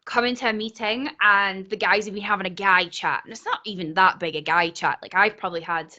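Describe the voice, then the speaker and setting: A woman's voice: mid-range voice, brisk, sharp tone, dull audio. A Scottish woman speaking on a video call in a casual panel chat, earnest and chatty, laughing often. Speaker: conference speaker.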